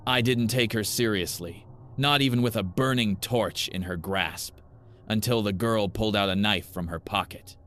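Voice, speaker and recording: Deep-voiced man narrating horror. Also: fairly bright tone, slight background noise. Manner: grave, measured first-person storytelling.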